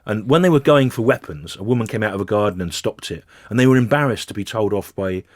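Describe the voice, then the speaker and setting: A man's voice: on the low side, fast talker, no echo, studio quality. A man, a comedian, telling a rambling anecdote in casual chat and acting out what he said. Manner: rambling storyteller, acts out what he said. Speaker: comedian guest.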